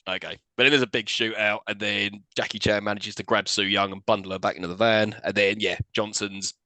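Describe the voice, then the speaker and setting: A man's voice: lowish voice, fairly quick, no room sound. A man co-hosting a podcast, recapping a film in casual chat, often laughing and swearing. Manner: animated, swearing, laughing retelling with quoted voices. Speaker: podcast co-host.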